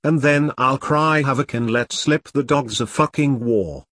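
A man's voice: mid-range voice, measured pace, fairly bright tone, dry recording. A man voicing a bitter, blunt middle-aged woman who was once an agent, in an audiobook. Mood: determined. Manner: blunt, furious.

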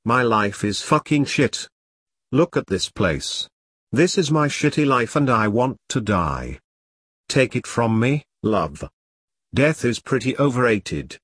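A man voicing a blunt, weary middle-aged ex-soldier who talks low and swears. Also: expressive, slow pace, fairly bright tone, breathy edge, dry recording, full character voice. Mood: bitter.

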